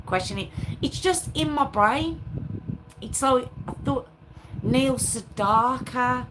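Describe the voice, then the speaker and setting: A woman's voice: sits high, lively intonation, takes it slowly. A woman hosting a live stream, chatting casually with her viewers in a rambling, self-mocking way. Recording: clear background noise with clicks.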